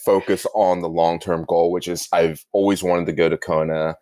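Young male athlete guest, very low voice, rambling casual storyteller, dry studio sound. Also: little pitch movement, moderate pace, darkish tone, no room sound. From Northern California. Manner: rambling, self-correcting, laughs between phrases. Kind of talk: casual interview talk.

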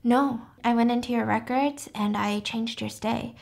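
A woman's voice: on the high side, fairly even intonation, unhurried, vocal fry, darkish tone. A woman quoting an obsessive young stalker. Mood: earnest. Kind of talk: casual recap with quoted lines.

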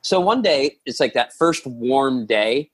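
A man tells a story as a podcast guest, his husky voice rising and falling a great deal. He rambles, restarts often and acts out what people said. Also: medium pitch, expressive, slow pace. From lives in New York. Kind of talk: casual storytelling.

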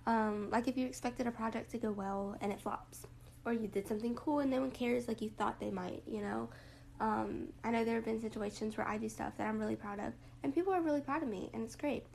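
A young woman hosting a casual reflective monologue, rambling with lots of fillers and a rough morning voice. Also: on the high side, fairly quick, darkish tone, a little hiss or hum, rough recording. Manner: rambling, lots of likes and ums. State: morning voice, throat a bit rough.

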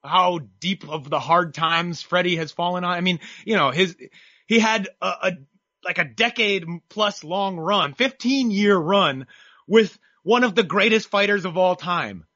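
A man's voice: sits high, unhurried, pushed and bright, dry recording, highs cut off. A man talking boxing as a guest, opinionated and rambling with frequent restarts. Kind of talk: casual chat.

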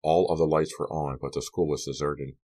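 A man's voice: very deep voice, fairly even intonation, a little fast, darkish tone. A man reading a young adult horror novel aloud as an audiobook narrator, giving the characters' lines small shifts of voice.

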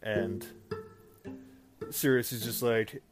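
A man's voice: mid-range voice, normal speed. Rambling man recapping into a phone. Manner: rambling, often corrects himself mid-sentence. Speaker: podcast host. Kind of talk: casual movie recap. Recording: music playing underneath.

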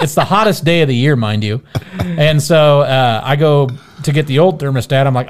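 A man's voice: fairly high pitch, quick pace. A married man telling a story in casual chat, swearing and acting out what he said. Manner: animated, swearing, acts out his own quotes.

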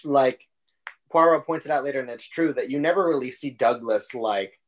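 A man speaking on a casual podcast, calmly laying out how the adaptations differ from the book. His pitch is in the ordinary middle range, and he talks in an even, explanatory way. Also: normal speed. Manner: steady, explains plot points and compares the book with the adaptations. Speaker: podcast co-host. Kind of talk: casual chat about books and films.

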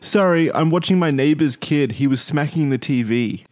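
A bored teenage girl giving flat one-word replies, as a man reads her messages aloud. The voice is lifted a little higher than usual, but it stays plain and unenthused. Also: moderate pace, lightly acted. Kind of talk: dramatic reading of chat messages.

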